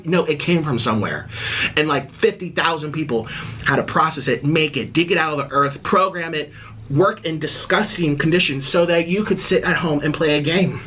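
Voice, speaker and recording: A man's voice: on the high side, animated, moderate pace, fairly bright tone, a little hiss or hum, rough recording. A man ranting in a casual vlog at home, indignant and exasperated, with a sarcastic edge. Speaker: vlogger. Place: at home in his apartment.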